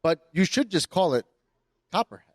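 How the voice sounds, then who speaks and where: Casting: higher, lively-voiced co-host, hyped and joking, dry close sound. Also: male voice, moderate pace, dry recording. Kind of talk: casual podcast banter.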